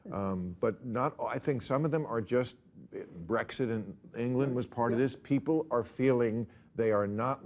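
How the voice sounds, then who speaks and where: A man's voice: medium pitch, moderate pace. A man hosting a panel discussion in a TV studio, with a dry, wry conversational manner. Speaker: talk show host.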